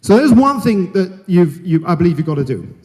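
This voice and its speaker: A middle-aged man delivers a conference keynote with a frank, jokey edge, his voice sitting high and swinging widely as he makes his points. The sound carries a long reverb from a large hall. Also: sing-song, a little fast, darkish tone. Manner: frank, jokey and emphatic, talks straight to the audience. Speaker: keynote speaker.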